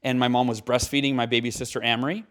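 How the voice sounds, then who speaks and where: A man's voice: mid-range voice, quick pace. Earnest man telling stories animatedly. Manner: earnest, animated storytelling with acted-out quotes. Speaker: author and speaker, guest. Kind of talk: casual interview talk.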